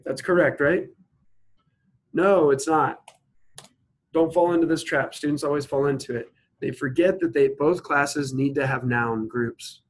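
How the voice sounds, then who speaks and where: A male instructor works through logic examples at an even pitch. He slows down to spell out each sentence and keeps asking his listeners to stop and think before he gives the answer. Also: a little hiss or hum, poor audio. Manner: explains step by step, asks students to pause and think. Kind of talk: recorded logic lecture.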